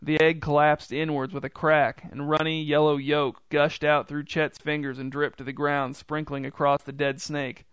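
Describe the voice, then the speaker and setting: A man reading a story aloud in an even, measured way. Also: fairly high pitch, smooth, no room sound. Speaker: narrator.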